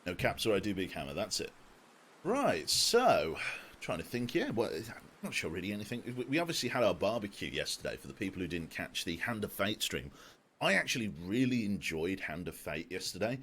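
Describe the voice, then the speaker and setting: A man's voice: on the low side, big pitch swings, a little fast, fairly bright tone, a little hiss or hum. A man in his twenties chatting casually on a live game stream, jokey and self-deprecating, swearing casually. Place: home room. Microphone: desk microphone.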